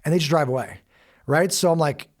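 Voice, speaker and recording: A middle-aged American man telling a story as a guest, animated and acting out quoted lines with sudden loud bursts. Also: fairly high pitch, fairly quick. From United States. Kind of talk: storytelling in a conversation.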